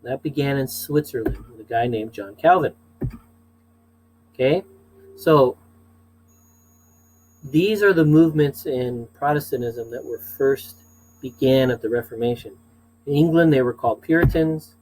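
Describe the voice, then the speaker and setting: A man's voice: mid-range voice, normal speed, long pauses, darkish tone, a little hiss or hum, low-quality recording. A man teaching a class in a casual, chatty way, with frequent asides and "okay?" check-ins.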